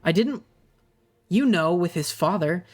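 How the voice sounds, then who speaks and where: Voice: mid-range voice, lively intonation, measured pace. Game master doing a stammering, nervous uncle. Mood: flustered. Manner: stammering, hesitant. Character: nervous uncle keeping family secrets.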